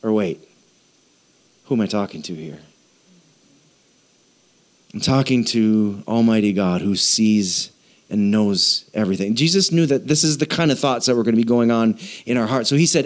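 A man's voice: medium pitch, expressive, moderate pace. A man, a pastor, giving an earnest, conversational sermon in which he prays aloud, speaking directly to God. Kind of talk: sermon acting out a spoken prayer.

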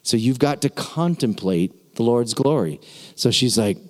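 A man preaching a sermon as pastor, lively and repetitive, drawing out words for emphasis. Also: mid-range voice, measured pace. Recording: long hall reverb.

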